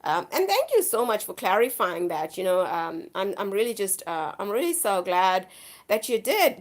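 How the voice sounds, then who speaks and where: A woman's voice: medium pitch, very animated, moderate pace. A woman hosting a live stream, chatting casually with viewers and rambling on in an effusive, repetitive way, her voice worn from the flu. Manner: rambling, effusive, repeats herself.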